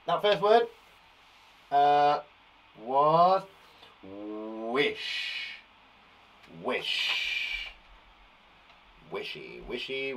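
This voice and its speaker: A man from England leading a live phonics lesson for young children, sounding out words slowly with a blocked nose and an encouraging manner. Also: mid-range voice, a bit bright, slightly rough. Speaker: primary school teacher.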